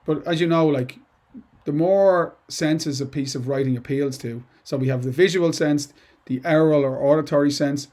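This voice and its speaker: A man's voice: on the high side, normal speed, darkish tone. Chatty, digressive male English teacher. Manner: chatty and digressive, with asides and restarts. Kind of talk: informal lesson to students.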